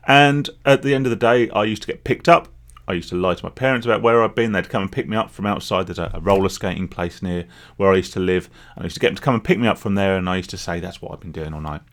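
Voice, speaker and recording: A man speaking candidly in a rambling, confessional solo vlog about his past as a gambling addict. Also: deep voice. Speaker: vlogger, former gambling addict. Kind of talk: reflective solo vlog monologue.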